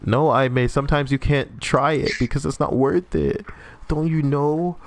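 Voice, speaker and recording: A man's voice: a little high, steady tone, normal speed, noisy background. A young man streaming a game, rambling casually, swearing, and laughing at his own jokes while reading chat. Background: music.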